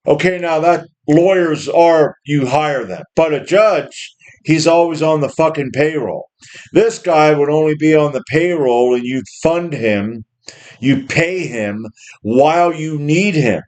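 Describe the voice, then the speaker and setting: A man's voice: fairly high pitch, measured pace, darkish tone. Blunt, profane man in his fifties. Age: 50s. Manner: blunt, profane and combative, with mocking put-on quotes; restarts and repeats words often. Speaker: home gym channel host. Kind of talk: casual opinion monologue.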